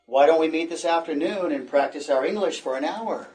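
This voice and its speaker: A man teaching an English lesson, encouraging and repeating phrases slowly for learners. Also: on the high side, darkish tone, recorded from a distance, soft background music.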